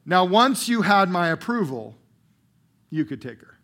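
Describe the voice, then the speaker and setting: A middle-aged pastor with a high, light voice preaches to his congregation in a church room. He punches key words loudly, then drops to near-hushed, slow phrases. His delivery is emphatic and conversational by turns. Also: very animated. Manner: emphatic preacher, strong swings from loud bursts to quiet drawn-out phrases. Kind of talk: sermon.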